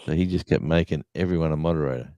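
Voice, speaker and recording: A man's voice: rumbling low, racing, warm tone, no room sound. A man co-hosting a livestream chat, telling rambling stories and chuckling. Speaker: livestream co-host. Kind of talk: casual storytelling chat.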